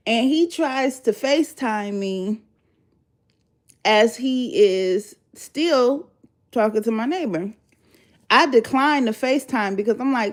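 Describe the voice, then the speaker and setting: Woman, storytime vlog, animated, profane, sudden high exclamations, mother of three. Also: a little slow. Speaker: YouTuber telling a story.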